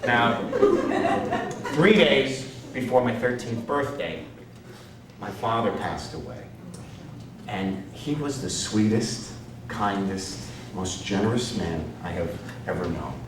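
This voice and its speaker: A man's voice: lowish voice, animated, slow pace, pauses often, noisy background. A man from Connecticut doing stand-up comedy, brash and self-mocking, chatting with the crowd from a stage. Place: theater stage. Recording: echoey hall, distant mic, audience audible.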